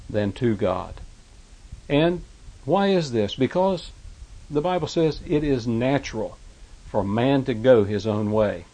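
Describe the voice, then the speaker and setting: A man preaching a sermon, reading scripture aloud in old-fashioned wording and explaining each verse, his voice rising and growing louder on the quoted verses. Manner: reads scripture aloud in King James wording, then explains it; rises in pitch and force on quoted verses.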